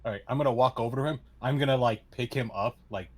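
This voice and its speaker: A man's voice: mid-range voice, fast. A man playing a tabletop game, talking casually and hesitantly with stammers. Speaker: player. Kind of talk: casual tabletop role-play.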